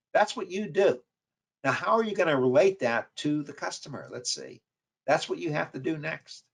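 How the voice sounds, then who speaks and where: A man's voice: mid-range voice, fairly bright tone. A man with a New York accent giving a webinar lecture on sales calls, repeating key points with emphasis. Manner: repetitive, emphatic coaching delivery. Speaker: marketing professor.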